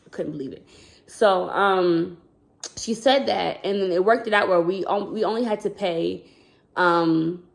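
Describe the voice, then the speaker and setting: A talkative woman vlogger tells her story straight to camera in a slightly low voice. She rambles and backtracks, and keeps turning to her viewers with "y'all". She often slips into acting out what people said to her. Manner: chatty, rambling, addresses viewers as "y'all", acts out quoted dialogue. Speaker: vlogger, school counselor.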